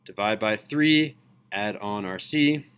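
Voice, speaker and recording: A man teaching a high school calculus class, lively and enthusiastic, often checking in with students. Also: slow, smooth. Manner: enthusiastic, asks students questions. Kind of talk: classroom lecture.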